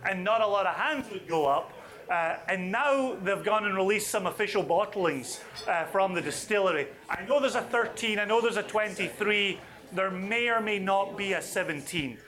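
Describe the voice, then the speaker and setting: A man's voice: sits high, lively intonation, sharp tone. Chatty man leading a tasting. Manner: chatty and enthusiastic, quick asides. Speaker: whisky bottler leading a tasting. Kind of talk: live tasting talk to an audience. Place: tasting event with audience.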